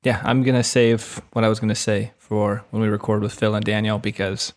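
A man co-hosting a casual book podcast, giving relaxed, brief reactions. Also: lowish voice, a little fast. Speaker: podcast co-host.

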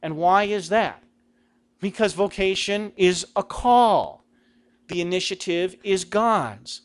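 A man's voice: high voice, lively intonation, slow. A middle-aged man giving a conversational talk on Christian vocation, asking rhetorical questions. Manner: acts out quoted lines with a raised voice. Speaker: Catholic speaker.

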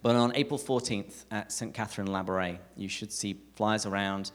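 A man with an English accent giving a live talk to an audience, telling stories with animated, self-mocking humour. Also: fairly low pitch, moderate pace. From England. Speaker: speaker at a parish talk night. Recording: echoey hall reverb.

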